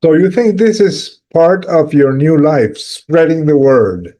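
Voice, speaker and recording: Mellow-voiced male podcast host. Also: fairly high pitch, slow. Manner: brief, calm questioning. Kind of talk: interview questions.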